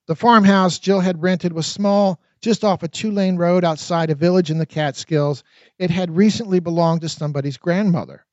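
A man narrating his own memoir in an expressive, dramatic audiobook reading. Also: fairly high pitch, no room sound. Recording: dull, lo-fi dry recording.

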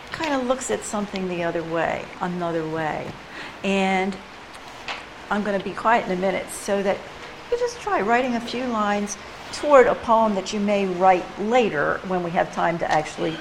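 A woman leading a poetry workshop, chatting casually with quick asides while recorded in a classroom. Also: medium pitch. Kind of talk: casual teaching talk. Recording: room ambience and background noise.

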